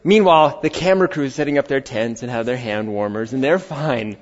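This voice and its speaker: A middle-aged man preaching a sermon to a congregation, chatty and animated, telling stories and acting out quotes in changing voices. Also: mid-range voice, fairly quick. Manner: animated, conversational, acts out quotes in varied voices. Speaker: pastor. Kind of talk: sermon with storytelling. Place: church hall before a congregation. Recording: slightly dull lo-fi sound.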